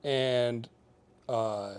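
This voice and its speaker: A man's voice: mid-range voice, fairly even intonation, very slow, smooth. A young man from Michigan's Upper Peninsula, a guest telling a story in a casual podcast interview. He talks animatedly, peppers his talk with "like," and acts out the people he quotes. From Upper Peninsula of Michigan, USA. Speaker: guest, baseball pitching prospect.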